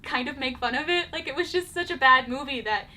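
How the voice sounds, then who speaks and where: A woman's voice: high-pitched, a little fast, sharp tone. A woman YouTuber in a casual review vlog, chatty and loose, with lots of "like". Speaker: YouTuber ranking movies.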